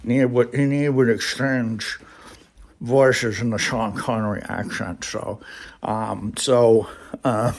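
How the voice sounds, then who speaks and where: A man's voice: medium pitch, fairly even intonation, slow. A man telling a rambling workplace story in a casual vlog, laughing now and then. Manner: chatty, rambling, laughs often. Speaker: vlogger.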